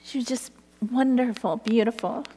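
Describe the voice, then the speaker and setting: A woman's voice: a little high, moderate pace, mellow, breathy edge, long reverb tail. A middle-aged woman telling a personal faith story, earnest and often breaking into laughter.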